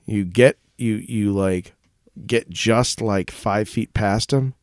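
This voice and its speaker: A man's voice: lowish voice, slow, no room sound, clean studio sound. A man co-hosting a podcast in casual comedic chat, joking and laughing often. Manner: playful, jokey, laughs often. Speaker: podcast co-host.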